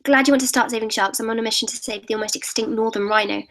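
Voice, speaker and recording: A woman's voice: fairly high pitch, steady tone, very fast, a bit bright, slight background noise, low-quality recording. A teenage girl in a casual live-stream Q&A, reading out viewers' comments and answering them in a chatty, upbeat way. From United Kingdom. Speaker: YouTuber answering live questions.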